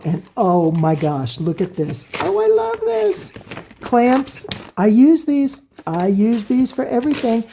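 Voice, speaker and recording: A woman hosting a quilting vlog, gushing with excited exclamations as she shows items to the camera in her home sewing room. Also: medium pitch. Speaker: quilting channel host. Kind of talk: casual show-and-tell vlog. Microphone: camera close by on a table.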